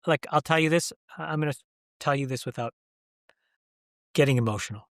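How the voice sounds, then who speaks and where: Interview guest: man, forties, raised pitch, earnest and emphatic, dry close sound. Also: brisk, fairly bright tone, no echo. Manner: earnest, emphatic, restarts mid-sentence. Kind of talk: candid interview conversation.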